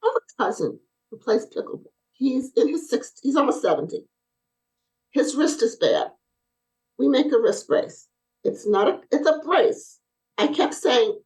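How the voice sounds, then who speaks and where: A woman's voice: high-pitched, unhurried, poor audio. A middle-aged woman, a podcast guest who owns a brace company, telling stories in casual conversation and acting out the dialogue of the people in them. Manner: animated, acts out quoted dialogue. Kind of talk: casual interview storytelling.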